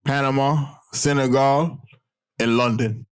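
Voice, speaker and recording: A man from Austin with a Texan accent, an interview guest telling lively travel stories and laughing often. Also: mid-range voice, slow, smooth. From Austin, Texas. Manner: animated, laughs often, acts out voices in anecdotes. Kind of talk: casual storytelling.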